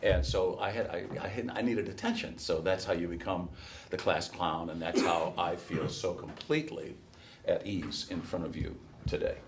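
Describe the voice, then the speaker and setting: A middle-aged man from Chicago with a softened Midwest accent and a flat nasal tone, talking loosely to a workshop audience with many fillers and restarts. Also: deep voice, moderate pace, background noise. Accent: softened Midwest American. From Chicago, USA. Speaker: race caller giving a workshop. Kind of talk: casual talk to a workshop audience.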